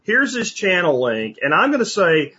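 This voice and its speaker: A man hosting a podcast, chatting casually with rambling, animated asides. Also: high-pitched, normal speed, husky. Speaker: podcast host. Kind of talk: casual interview chat. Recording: dull lo-fi audio.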